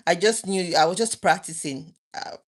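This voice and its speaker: A vlogger in her thirties talks to her viewers late at night, earnest and emotional, frequently restarting her sentences. Her voice is lowish and her speed normal.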